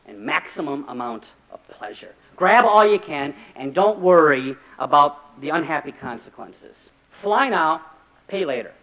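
Man, pastor, sermon, lively swooping pitch, dull lo-fi recording. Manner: animated, acts out quoted voices.

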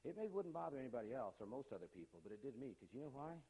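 A man's voice: medium pitch, very animated, rapid-fire, warm tone, husky, low-quality recording. A man giving an emphatic lecture to a live audience, firing off rhetorical questions in a conversational way. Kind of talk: animated lecture.

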